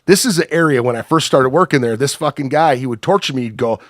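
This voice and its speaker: A man with an Upper Midwest American accent tells crude anecdotes in a loose, rambling way, swearing freely and piling on fillers. His pitch sits mid-range and the sound is dry and close, with no room around it. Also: quick pace, no room sound. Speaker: podcast guest. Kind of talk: casual storytelling.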